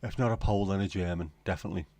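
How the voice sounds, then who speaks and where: A middle-aged man from the UK chats loosely through a late-night livestream, musing to himself and his viewers with a wry, offhand manner. His voice sits on the low side, and the sound is dry and close with little room around it. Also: very fast, mellow, no echo. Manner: rambling, wry, talks to himself. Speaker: livestream host.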